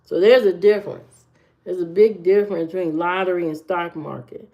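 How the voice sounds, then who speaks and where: On a muffled, lo-fi livestream, a woman gives her viewers straightforward, opinionated dating advice in casual chat. She speaks at a moderate pace in a lowish, mellow voice with a steady tone.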